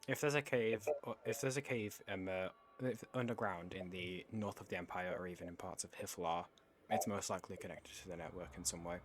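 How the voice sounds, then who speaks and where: A man with a sore throat narrating as dungeon master, describing scenes with halting fillers. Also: low voice, slight background noise. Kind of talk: narrating a tabletop game.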